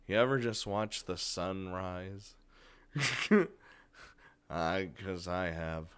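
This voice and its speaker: A man's voice: sits low, drawn-out words, a bit bright, clean tone. A man doing casual commentary while reading a visual novel, laughing, joking and swearing often. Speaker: let's player.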